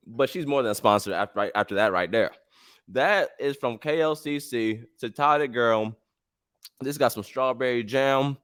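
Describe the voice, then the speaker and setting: A man hosting a casual storytelling podcast, telling a travel tale in a slangy, rambling, animated way. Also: mid-range voice, moderate pace, smooth, dry recording, studio quality. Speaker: podcast host.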